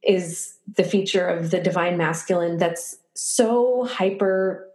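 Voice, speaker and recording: A woman's voice: fairly low pitch, takes it slowly, a little mellow. Rambling woman in a roomy space. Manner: rambling, filler-heavy, laughs often. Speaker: podcast guest. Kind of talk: casual conversation. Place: room in her home. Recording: roomy echo.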